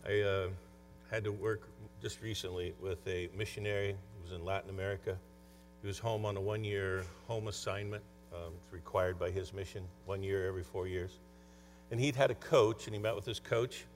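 A man's voice: deep voice, steady tone, normal speed, soft background music. A man speaking as a conference speaker and coach, telling stories in a conversational motivational talk. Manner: conversational storytelling. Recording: long hall reverb, faint mains hum.

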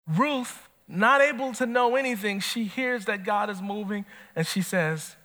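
A man preaching a sermon as pastor, animated and swinging from soft to shouting. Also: extremely high pitch, moderate pace, few pauses. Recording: long hall reverb.

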